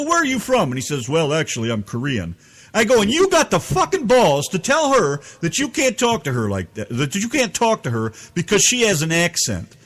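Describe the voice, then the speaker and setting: A man's voice: high voice, a bit bright. A man from the United States telling an angry, profane story as a podcast co-host. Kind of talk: ranting storytelling.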